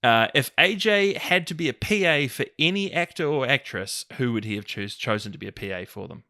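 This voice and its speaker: Male quiz host, teasing, bright tone with a lively, bouncing pitch. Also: no room sound, studio quality. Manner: teasing, quick to laugh. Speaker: quizmaster. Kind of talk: casual podcast chat.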